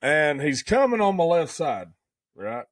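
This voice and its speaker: A man's voice: on the high side, very animated, measured pace, no echo. A man, co-hosting a podcast and telling a hunting story in a folksy, casual way. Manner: folksy storyteller, says "buddy" and "dude" a lot. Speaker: podcast co-host.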